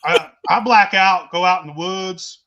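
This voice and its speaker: A man's voice: sits high, a little slow, pushed and bright, highs cut off, slight background noise. A man telling a rowdy, profane drinking story in casual chat. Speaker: show host telling a story.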